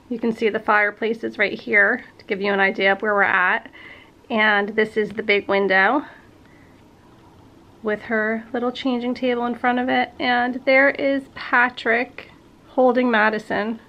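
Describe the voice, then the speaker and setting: A woman in her thirties, a vlogger chatting with viewers and getting sentimental as she clears out a room at home. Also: on the high side, a bit bright. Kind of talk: casual vlog narration. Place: at home, in a playroom.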